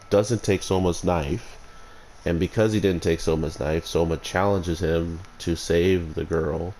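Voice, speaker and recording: Deep gravelly man, rambling review. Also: warm tone, a little hiss or hum, poor audio. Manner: rambling, digressive. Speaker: anime reviewer. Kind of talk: casual spoken review.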